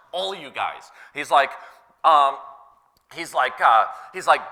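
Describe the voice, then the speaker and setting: A man preaching a sermon as pastor, conversational and animated, paraphrasing scripture and repeating key words for emphasis. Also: mid-range voice, normal speed, in a large hall. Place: church sanctuary.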